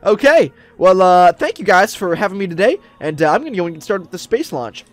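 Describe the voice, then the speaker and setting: A man's voice: high-pitched, big pitch swings, a little fast, dry recording. A man narrating a roleplay game for viewers, upbeat and chatty, with many fillers. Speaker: Roblox roleplay YouTuber. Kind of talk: excited gameplay narration.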